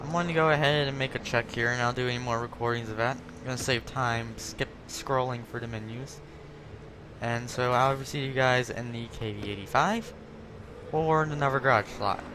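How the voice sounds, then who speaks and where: The man hosting this gaming video has a medium-pitched voice with fairly even intonation and a moderate pace. He rambles chattily and corrects himself while showing off tanks, against a noisy background with loud game audio.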